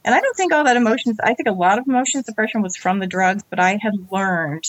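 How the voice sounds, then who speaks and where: A woman in her forties, an interview guest, telling her story in animated conversation and acting out the lines of others. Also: medium pitch, quick pace, dry recording, highs cut off.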